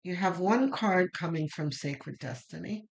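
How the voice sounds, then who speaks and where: A woman's voice: on the low side, lively intonation, unhurried, vocal fry. A middle-aged woman giving a casual, meandering tarot reading, chatty and full of fillers. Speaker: tarot reader.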